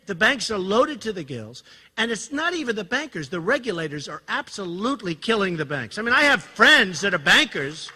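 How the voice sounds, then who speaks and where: A man in his sixties gives a rambling campaign speech to a crowd, repeating himself and tossing questions at the audience. His voice is high and very bright, and his pitch swings widely. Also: slightly rough. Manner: boastful, repetitive, digressive, asks the crowd questions. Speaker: campaign speaker. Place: event hall with audience.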